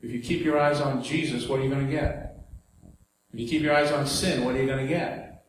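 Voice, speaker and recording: A man's voice: medium pitch, fairly even intonation, fairly quick. Preacher man in a very echoey hall. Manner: conversational preaching with audience asides and jokes. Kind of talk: sermon. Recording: very echoey hall, faint background noise.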